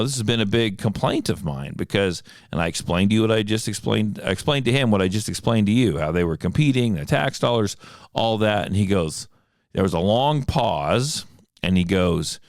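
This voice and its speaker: A man's voice: fairly low pitch, no room sound, studio quality. An American man hosting a podcast, telling a story in a casual, exasperated way and acting out what others said. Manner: animated, exasperated ranting with quoted dialogue. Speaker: podcast host, firearms instructor. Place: small studio room.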